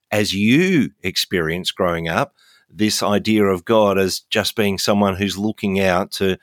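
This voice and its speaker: A man interviewing a guest on a faith podcast, asking thoughtful, measured questions. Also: sits low, dry recording, studio quality.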